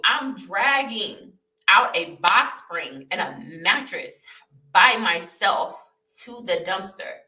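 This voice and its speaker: A young woman vlogging her personal testimony, telling the story candidly and animatedly, repeating herself and laughing. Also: mid-range voice. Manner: animated, repetitive, laughing as she recounts. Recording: roomy echo, voice a bit far from the mic.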